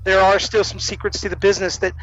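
A man who was a wrestling production manager, telling lively backstage stories as a guest on a podcast interview. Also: high-pitched, quick pace, lo-fi sound. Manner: animated storyteller who acts out quoted voices. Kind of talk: storytelling anecdotes in a podcast interview.

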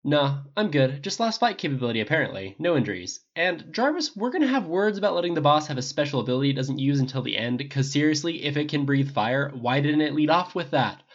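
A reader voicing a cocky, wisecracking male genius in armor who crows and complains excitably in a dull lo-fi recording. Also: medium pitch, fast talker, hardly any pauses, voice pushed up. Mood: cocky excited.

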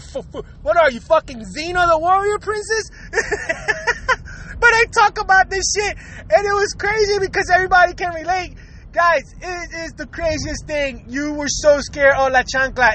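High, bright-voiced man telling a laughing story. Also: a little hiss or hum. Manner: profane, laughs constantly, animated and emphatic. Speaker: podcaster recalling his own episode. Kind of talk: casual comic storytelling.

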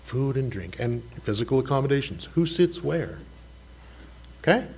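A man delivering a sermon in a husky, slightly rough voice. His pitch rises and falls in an animated way as he asks questions of the congregation. The tone stays conversational and candid. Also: normal speed. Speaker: pastor.

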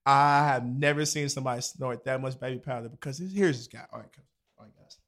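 A man's voice: mid-range voice, fast, a bit bright. A young man in casual chat, telling a loose, profanity-laced story full of slang and acted-out quotes.

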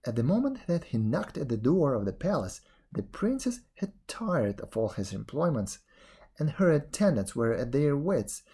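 A man reading a fairy tale aloud, expressive storytelling with a few slips. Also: mid-range voice, normal speed, slightly rough. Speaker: reader.

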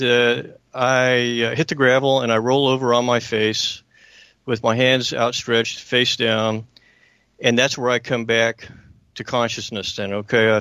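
A man's voice: medium pitch, fairly bright tone, clear, resonant tone, dry recording. Male talk radio host, mid-range voice, very dry close mic, emphatic personal storyteller. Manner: earnest, emphatic, keeps checking in with listeners.

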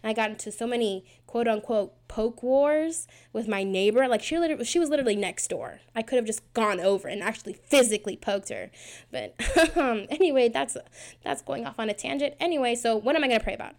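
A woman's voice: fairly high pitch, expressive, fairly quick, a little mellow. A woman in her twenties hosting her own podcast, talking in a rambling, self-mocking way with lots of fillers. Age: 20s. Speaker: podcast host. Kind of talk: casual prayer podcast chat.

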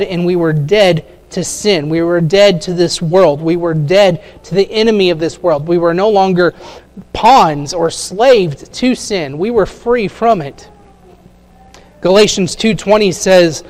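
High-voiced man preaching conversationally. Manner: conversational preaching with frequent fillers and direct questions to the congregation. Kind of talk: sermon.

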